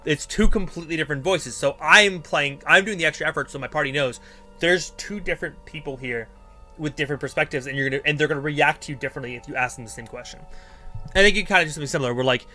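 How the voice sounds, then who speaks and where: Male streamer, casual and chatty, bright tone, talks in loose filler-laden bursts. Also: fairly high pitch, quick pace, soft background music. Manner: rambling and filler-heavy, thinking aloud. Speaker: streamer giving character-writing advice. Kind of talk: casual live-stream chat.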